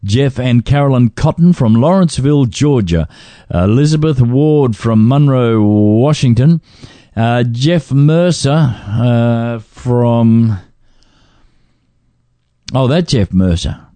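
A man's voice: mid-range voice, lively intonation, slow pace, mellow, dry recording. A man co-hosting a ministry radio show, reading a list of donors and joking as he stumbles over names.

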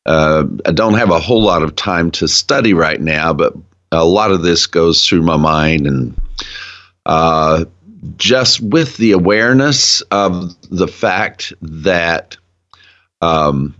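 Deep, slow-talking earnest man. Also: expressive, fairly bright tone, highs cut off. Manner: earnest, enthusiastic. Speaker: guest, ministry founder. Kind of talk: casual Bible discussion.

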